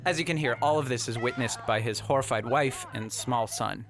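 A man reviews a bad movie with dry sarcasm. His voice has a gravelly edge, and music plays steadily underneath. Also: medium pitch, brisk. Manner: wry, sarcastic. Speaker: film reviewer. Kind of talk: comedic video review narration.

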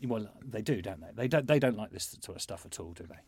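A man hosting an interview, chatty and quick to agree with repeated "yeah". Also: lowish voice, animated, a little mellow, slightly rough, no echo. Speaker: podcast host. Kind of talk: interview conversation.

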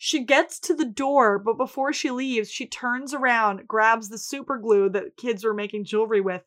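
Woman briskly recapping a TV episode. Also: on the high side, steady tone, a bit bright. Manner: brisk storytelling, quotes characters in put-on voices. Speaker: podcast co-host. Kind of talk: casual episode recap chat.

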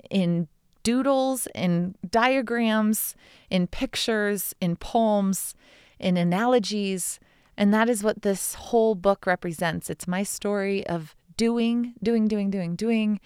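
A woman's voice: medium pitch, darkish tone, smooth, no echo, studio quality. A woman in her thirties hosting a solo podcast, talking in an enthusiastic, heartfelt, rambling way. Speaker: podcast host. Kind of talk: casual solo podcast talk.

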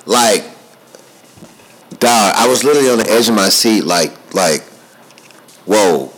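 A man's voice: on the low side, lively intonation, a little slow, fairly bright tone, low-quality recording. A man in his thirties hosting a podcast, telling a story in a casual, slangy way and repeating himself for emphasis. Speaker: podcast host. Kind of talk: casual chat.

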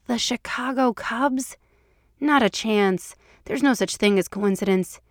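A woman's voice: on the high side, unhurried, no room sound, clean studio sound, close to an everyday voice. A woman voicing a wry middle-aged male agent who talks about the end of the world over a baseball game in mock-grave, theatrical tones, in an audio reading of fan fiction.

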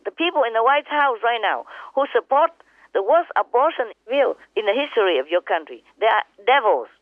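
A woman's voice: fairly high pitch, big pitch swings, a little fast, dry recording. Impassioned woman on a tinny phone line. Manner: impassioned, repetitive, emphatic. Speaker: spiritual teacher. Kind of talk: phone call with disciples. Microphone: telephone.

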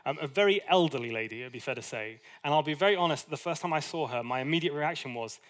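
A man preaching a sermon in a conversational, animated way, with asides and little acted quotes. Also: on the high side, fast talker. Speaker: pastor.

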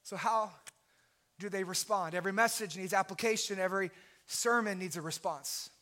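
A man preaching a sermon as pastor, impassioned and at times shouting. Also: high voice, moderate pace.

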